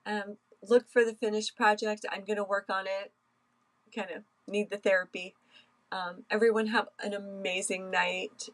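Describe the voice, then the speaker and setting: A woman hosting a craft live stream, chatting casually and emotionally with many pauses and soft laughs. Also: medium pitch, flat delivery, rough recording. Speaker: craft livestream host.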